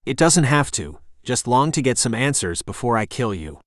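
A man's voice: medium pitch, very animated, normal speed, a bit bright, no room sound, clean studio sound. A man voicing a fierce, defiant young half-demon man, speaking in a growling, hard-edged way.

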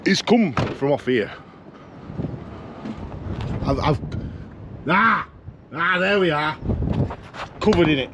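Filming a casual vlog in his cab, a truck driver from Yorkshire, England, rants and swears with comic exasperation. He speaks slowly with lively intonation and frequent pauses, his voice fairly high, amid background noise.

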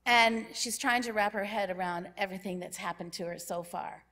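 A woman giving a sermon in a church, telling a story in a lively way and acting out what the people in it say. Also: mid-range voice, a little fast. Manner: lively storyteller who acts out characters' lines. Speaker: church speaker. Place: church sanctuary.

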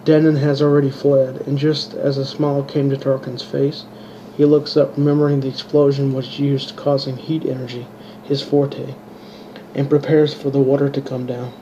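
Guy reading his own book, flat delivery, muffled lo-fi mic with faint hiss. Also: mid-range voice. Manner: halting, restarts words. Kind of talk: amateur audiobook reading. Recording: dull lo-fi home recording with faint hiss.

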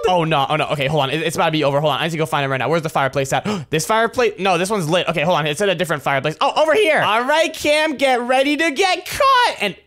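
A man acting as a sneaky, excitable seeker in scripted gameplay commentary, stammering often. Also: on the high side, rapid-fire, few pauses. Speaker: gamer host playing the seeker.

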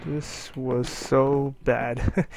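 A man's voice: mid-range voice, flat delivery, extremely slow, creaky. A man commenting on his own gameplay, often frustrated and exclaiming, with mild cursing. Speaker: gamer. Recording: loud background noise with clicks.

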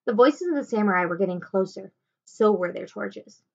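Lively woman teacher narrating a storybook, raised pitch, muffled home recording. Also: normal speed, gravelly. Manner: expressive, animated. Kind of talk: storybook read-aloud.

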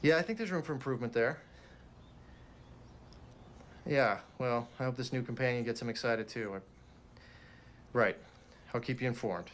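An actor playing a calm young missionary. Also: male voice, mid-range voice, normal speed, pauses often, slight background noise, natural voice. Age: young adult. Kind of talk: film dialogue.

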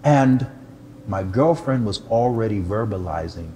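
This is an older man, a pastor, telling a personal testimony with animated storytelling and a self-deprecating sense of humor. His voice sits low. A faint background hiss runs beneath his words. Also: moderate pace.

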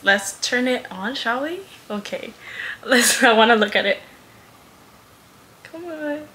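A woman's voice: a little high, takes it slowly, long pauses, bright, forceful tone. A young woman vlogger chatting through an unboxing, gushing and giggling as she talks. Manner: gushing, giggly, says "oh my god" often. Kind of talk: casual unboxing vlog.

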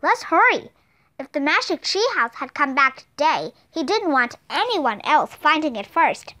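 A woman narrating a children's storybook aloud in an expressive, clear manner. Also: sits high, normal speed. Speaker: audiobook reader.

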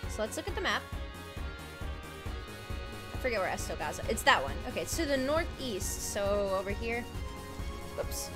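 A young woman livestreams a video game, chatting casually, giggling, and reading lines from the game, over game music. Her voice is on the high side with a sing-song lilt, moving at normal speed but pausing often.

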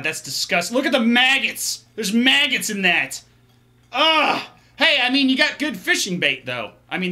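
A man's voice: high voice, sharp tone. A young man commenting on a horror game as he plays, jumpy and swearing and talking to himself. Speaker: gaming YouTuber. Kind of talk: let's play commentary.

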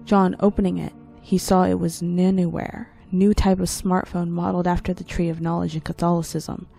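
A low, gravelly woman reading a creepypasta aloud. Her voice is dark and mellow, with a rough edge of vocal fry. A faint music bed runs under the narration. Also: level tone, normal speed. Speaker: story reader.

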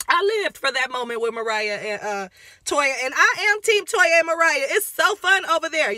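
A woman giving a sassy, profane rant recapping a reality show, throwing in dramatic asides and sometimes dropping her voice low and quiet. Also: dry recording, studio quality. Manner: drops voice low and quiet at times. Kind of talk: ranting recap commentary.

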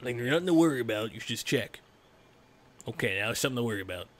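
A man's voice: medium pitch, lively intonation, racing. A man hosting a casual gaming session, joking and teasing his friends over voice chat while they play poker. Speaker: gaming channel host.

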